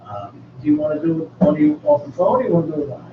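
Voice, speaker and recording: Man, radio host, loose jokey delivery, fairly high voice, dull lo-fi sound. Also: huge pitch swings, rapid-fire. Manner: rambling and jokey, restarts often. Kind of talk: casual radio chat. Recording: echoey, distant, dull, noisy room.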